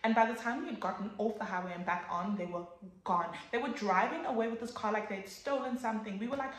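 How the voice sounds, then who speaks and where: A young woman telling a casual storytime, animated and swearing, acting out what people said. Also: mid-range voice, fast talker, reverberant, a little hiss or hum. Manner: animated, swears, acts out quotes with sudden loud jumps. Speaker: vlogger.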